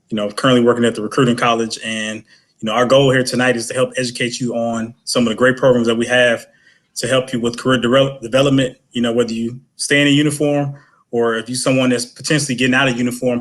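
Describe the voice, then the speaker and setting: A man's voice: medium pitch, a bit bright. A man with a Chicago accent, a guest explaining career programs in an earnest way. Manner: earnest, explanatory, with small restarts. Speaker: guest, recruiting college instructor. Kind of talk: casual livestream chat.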